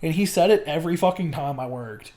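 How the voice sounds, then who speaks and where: A man's voice: a little high, animated, fast talker, crowd noise. A young man talking casually as a podcast guest, rambling and filling his speech with "like". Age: young adult. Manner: rambling, loaded with fillers like "like" and swearing. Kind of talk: casual chat.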